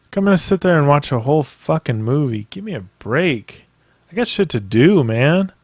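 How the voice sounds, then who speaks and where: A man's voice: fairly high pitch, sing-song, normal speed, a little mellow, dry recording. A man hosting a podcast by himself, ranting in a casual, rambling way with plenty of profanity and emphatic asides. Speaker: podcast host. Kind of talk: casual solo podcast rant.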